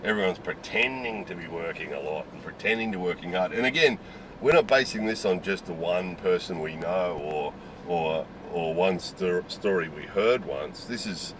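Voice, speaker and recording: A man's voice: low-pitched, expressive, normal speed, a bit bright, slight background noise, rough recording. A middle-aged man with an Australian accent, talking casually and candidly to camera, rambling with lots of "you know"s. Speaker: video host. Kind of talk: casual opinion talk.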